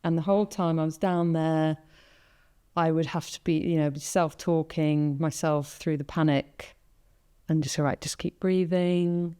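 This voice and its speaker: A woman hosts a podcast in a low, smooth voice. She tells personal stories in easy conversation, animating them by playing out her own inner thoughts. Her tone is mellow and relaxed. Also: a little slow. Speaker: podcast host. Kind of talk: casual conversation.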